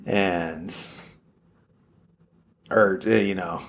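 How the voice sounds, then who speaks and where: A man's voice: low-pitched, steady tone, very slow. A man casually retelling a film's plot, rambling with lots of fillers. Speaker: film plot recapper.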